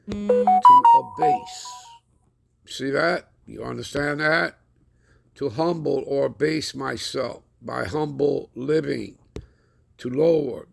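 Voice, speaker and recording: A man giving a scripture lesson with a deliberate, preacherly emphasis. He keeps checking in with his listeners. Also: medium pitch, vocal fry, a little hiss or hum. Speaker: Bible teacher.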